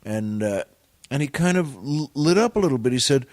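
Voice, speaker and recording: A man of middle pitch spins rambling, self-deprecating show business tales as a podcast guest. He circles back and restarts as he goes. His voice sits close on a dry studio mic with no room around it. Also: lively intonation, moderate pace, no echo. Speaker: guest comedian and actor. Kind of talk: anecdotal storytelling on a podcast.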